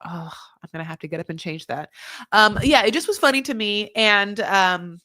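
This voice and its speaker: A woman casually recapping a reality show, chatty and animated, full of "like" and laughs. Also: medium pitch, normal speed, no echo, clean studio sound. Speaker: recap podcast host.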